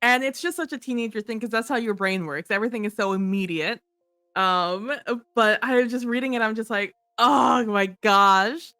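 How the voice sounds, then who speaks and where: Bright-voiced young woman, dry close sound. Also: fairly high pitch, brisk, no echo. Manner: animated, reads out quotes with wry asides. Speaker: podcast co-host. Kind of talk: casual book-club chat.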